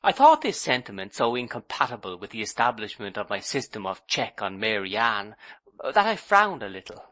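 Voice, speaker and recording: A man's voice: fairly low pitch, huge pitch swings, normal speed, sharp tone. A man narrating a classic novel as an audiobook in the first person, telling the scene expressively. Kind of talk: scripted narration.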